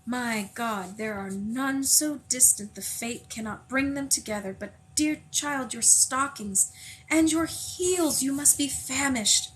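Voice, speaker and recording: A brisk old housekeeper, put on by a woman reading aloud, fussing and kindly, in a fairly high voice that jumps up in lively bursts. Faint background noise sits under the recording. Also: poor audio.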